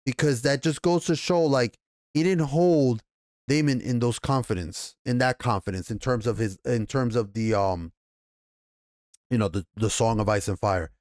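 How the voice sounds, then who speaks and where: A man giving a casual, rambling TV episode recap and review, excitable and profane, with many restarts. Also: mid-range voice, moderate pace, no room sound, studio quality. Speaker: TV show reviewer.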